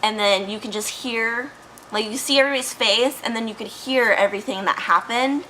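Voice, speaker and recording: A woman's voice: a little high, fairly quick, background noise. A woman casually discussing a movie, rambling and profane, wondering aloud and saying "like" often. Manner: rambling, profane, speculative, heavy use of "like". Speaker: movie reviewer. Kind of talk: casual chat.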